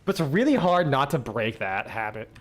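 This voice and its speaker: A man's voice: medium pitch, very animated, normal speed. A male streamer chatting casually while he plays, rambling and swearing as he tells stories. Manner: rambling, swearing, laughing storyteller. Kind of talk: casual chat while gaming.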